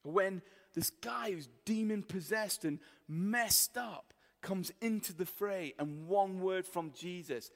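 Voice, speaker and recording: A man preaching a sermon, telling the story in a lively, colloquial way and acting out the voices of the people in it. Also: high-pitched, slow, few pauses. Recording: long reverb of a hall.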